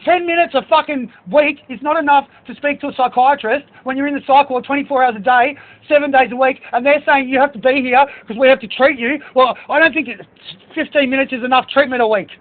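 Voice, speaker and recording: Agitated high-voiced man. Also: steady tone, fast talker. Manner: angry, rambling, swears; reads out list of book titles. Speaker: speaker addressing staff. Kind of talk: agitated monologue. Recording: tinny phone-like recording.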